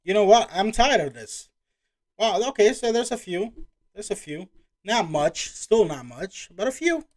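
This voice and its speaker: A man's voice: sits high, very animated, measured pace. A man hosting a reaction video, chatting casually and exclaiming as he reacts.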